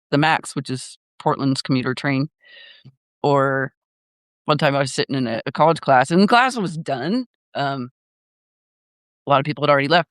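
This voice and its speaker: A man's voice: a little high, fairly bright tone, no room sound, clean studio sound. An older man hosting a casual live chat, rambling with lots of fillers and laughter. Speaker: live stream host.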